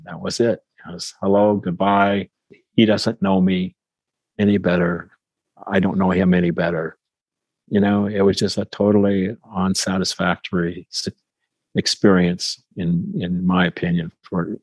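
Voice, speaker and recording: This interview guest is a man in his seventies with a low, husky voice who looks back on his experiences in a measured, thoughtful way, making small restarts. The low-quality recording sounds close and dry, without any echo or room around it.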